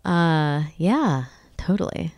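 A woman co-hosting a podcast, chatting casually in a hesitant, halting way. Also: on the low side, lively intonation, darkish tone, dry recording, clean studio sound. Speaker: podcast co-host. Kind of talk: casual chat.

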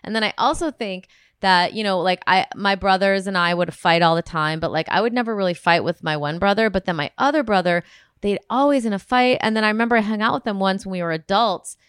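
A woman's voice: mid-range voice, fast talker, fairly bright tone, clear, resonant tone, dry recording, studio quality. A woman co-hosting an advice podcast, chatting casually and telling stories with lots of "like". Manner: chatty, filler-heavy storytelling. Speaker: co-host.

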